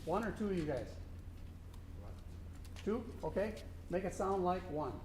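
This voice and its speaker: Speaking a little slowly, a man with a high voice and darkish tone coaches a student band in his role as contest judge. He sings rhythms aloud to show the players during the instructional clinic, recorded in an echoey room with faint noise.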